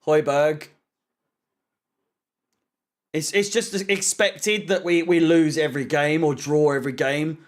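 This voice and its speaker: A man's voice: a little high, steady tone, slow, pauses often. A young man doing live football watch-along commentary, ranting in frustration, swearing and sarcastic. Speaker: fan channel co-host.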